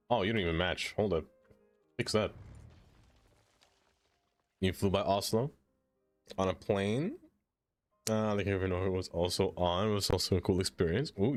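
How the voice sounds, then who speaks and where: A man streaming a city-building game, chatting casually with viewers, laughing often and talking to himself as he builds. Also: low-pitched. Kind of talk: casual live-stream chat while playing a city builder. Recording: faint music behind.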